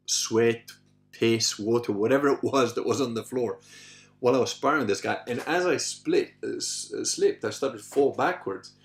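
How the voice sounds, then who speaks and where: Man telling a story in casual podcast talk. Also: mid-range voice. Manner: animated, swears casually, acts out quoted voices. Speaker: podcast host.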